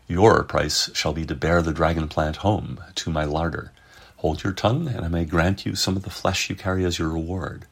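A man's voice: low-pitched, steady tone, moderate pace, creaky, breathy edge, heavily acted. A man voicing an old, commanding insect-like parent in a storybook reading, with an imperious, clipped manner. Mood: stern.

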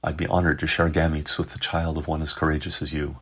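A cautious, respectful young insect-like creature, as voiced by a man. The voice is low and husky, and the delivery is earnest and polite. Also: monotone, fast, a bit bright, full character voice.

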